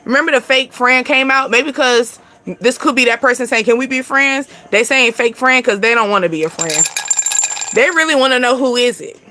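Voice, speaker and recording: A woman's voice: on the high side, moderate pace, pushed and bright, slight background noise. A woman giving a casual, chatty astrology reading to her viewers, laughing often and swearing casually. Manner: chatty, laughs often, sings and acts out snippets. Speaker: spiritual reader.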